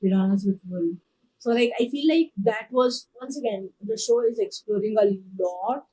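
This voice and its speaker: A woman hosting a book reaction, who reads passages aloud and chats about them in an animated way. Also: mid-range voice, breathy edge. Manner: animated, chatty, says like and girl. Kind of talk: casual reading and reaction. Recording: distant mic with faint background noise.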